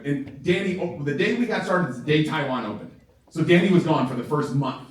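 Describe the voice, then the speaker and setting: A man giving a live sales training talk to a group, animated, laughing often and checking in with his listeners. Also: fairly high pitch, brisk. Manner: animated, keeps checking in with the audience; laughs often while talking. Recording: very echoey room, far from the mic.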